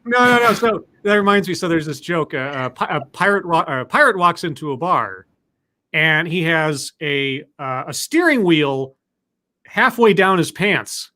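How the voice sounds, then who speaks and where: A man hosts a casual talk and rants with open exasperation. His voice sits noticeably high for a man. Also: animated, measured pace, bright, forceful tone. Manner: exasperated, ranting. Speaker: podcast host. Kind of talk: casual discussion.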